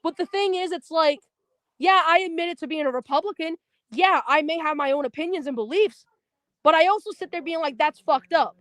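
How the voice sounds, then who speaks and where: A woman on a livestream tears into someone in a blunt, profane rant. Her voice sits high and the sound is dry, with no room around it. She talks fast and heated, swearing freely. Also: fairly bright tone, no room sound. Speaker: stream guest.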